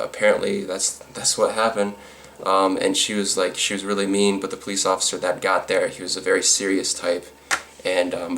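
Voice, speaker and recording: A man's voice: sits low, a bit bright, slight background noise. A man telling a storytime vlog, rambling with lots of fillers and restarts, with a sarcastic edge. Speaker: vlogger.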